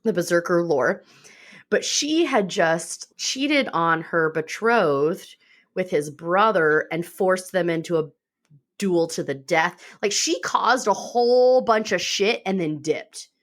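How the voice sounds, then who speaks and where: A woman's voice: lowish voice, slow pace. Lady podcast host hyped about a book, swearing, voice bouncing all over. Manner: animated, swearing, retelling plots with quoted voices. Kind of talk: casual chat recommending books.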